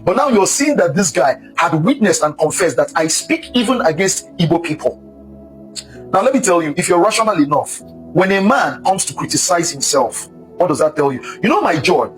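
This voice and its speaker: A man delivers heated commentary in a high, animated voice that swoops up and down. He talks like a preacher, repeating his points for emphasis. Faint music plays underneath. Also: moderate pace, rough recording. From Nigeria. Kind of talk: impassioned commentary.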